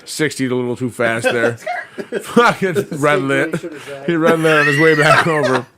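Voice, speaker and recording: Profane, bright-voiced laughing storyteller man. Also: medium pitch, no echo. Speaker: podcast co-host. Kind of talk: casual storytelling chat.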